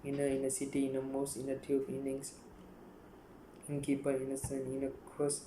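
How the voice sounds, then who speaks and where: A man reading dictionary words aloud one after another, in a flat listing manner with frequent stumbles and restarts. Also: medium pitch, moderate pace, echoey room, a little hiss or hum, low-quality recording. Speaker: youtuber.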